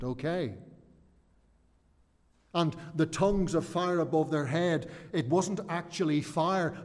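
A man's voice: on the high side, a little mellow. A middle-aged man with an Ulster accent preaching an expository sermon, earnest and sometimes repeating words as he searches for a phrase. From Northern Ireland. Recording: long hall reverb.

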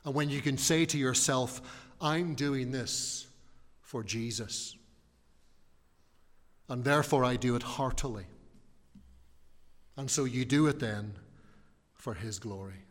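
Male preacher, earnest sermon, slow emphatic stresses, long church-hall reverb. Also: medium pitch.

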